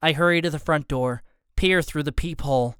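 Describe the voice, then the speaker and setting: A man reads a tense first-person story in a smooth, slightly high voice. His delivery is measured and steady, and the recording is dry and close with no room sound. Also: dry recording. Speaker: audiobook narrator.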